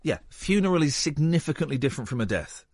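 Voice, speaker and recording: A man's voice: fairly high pitch, very animated, quick pace, a little mellow, dry recording, studio quality. A man hosting a radio show in a playful, rambling, teasing way. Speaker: radio host. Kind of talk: casual radio chat. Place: radio studio.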